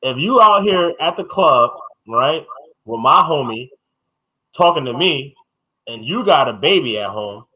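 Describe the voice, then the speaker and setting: A man's voice: medium pitch, animated, measured pace, pushed and bright, poor audio. A man co-hosting a casual podcast, talking bluntly and animatedly with some swearing. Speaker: podcast co-host.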